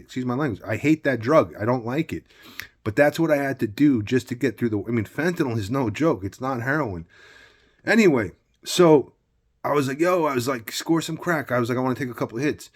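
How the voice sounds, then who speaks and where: A man, mid-pitched and plain, rambling through a blunt personal monologue. He talks loosely and keeps tossing in casual asides. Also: slightly rough. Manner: blunt, loose and rambling, full of "you know what I mean".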